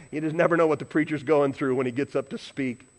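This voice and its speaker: A middle-aged man preaching a storytelling sermon, swinging from hushed asides to loud, excited passages. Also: on the high side, moderate pace. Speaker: pastor.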